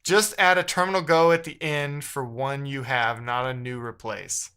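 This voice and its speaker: A man's voice: mid-range voice, steady tone, normal speed, pushed and bright, smooth. Frustrated man muttering while coding. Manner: frustrated, muttering, reading chat aloud. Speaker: live-streaming developer. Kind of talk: casual live-stream chat while coding.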